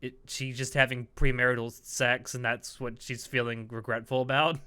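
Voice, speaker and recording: A man chatting through an anime episode on a podcast, easygoing and prone to laughing. His voice is bright and clear, with false starts as he works out his thoughts. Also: medium pitch, little pitch movement, normal speed. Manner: laid-back, laughs often, stumbles and restarts. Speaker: podcast co-host. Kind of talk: casual anime review chat.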